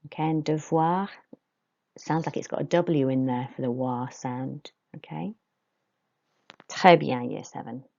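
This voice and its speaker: A woman teaching a French pronunciation lesson to pupils, modelling words slowly for them to repeat. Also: extremely low pitch, gravelly, a little mellow, dull audio.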